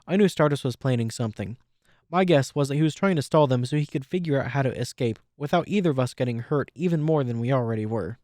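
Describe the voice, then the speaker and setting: A man reading fan fiction aloud in steady first-person storytelling. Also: mid-range voice, fast talker, dry recording, clean studio sound. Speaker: audiobook reader.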